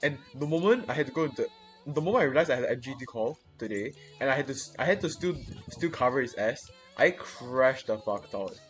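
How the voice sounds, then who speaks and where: A young man rants in casual chat, swearing constantly and tripping over his own restarts. His voice sits at an ordinary mid pitch. Soft music plays faintly behind him. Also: expressive, fairly quick. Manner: profane, rambling venting with many restarts.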